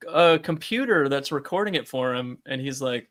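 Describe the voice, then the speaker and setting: A man co-hosting a casual comic book podcast, animated and profane, acting out characters' lines for laughs. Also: mid-range voice, brisk, hardly any pauses. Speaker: podcast co-host.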